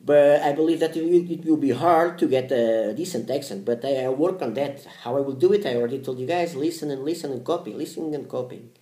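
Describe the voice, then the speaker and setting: A man's voice: mid-range voice, fast, hardly any pauses, dark tone, echoey room. Hesitant man. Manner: hesitant, repeats phrases and restarts often. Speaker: language-learning vlogger. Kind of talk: casual talk to camera.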